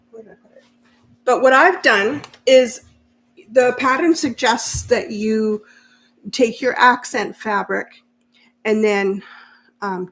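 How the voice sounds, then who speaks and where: A woman's voice: medium pitch, fairly bright tone. Chatty woman hosting a sewing stream. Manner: chatty, laughs often, reads out viewer comments. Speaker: sewing channel host. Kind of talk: casual live-stream sewing chat.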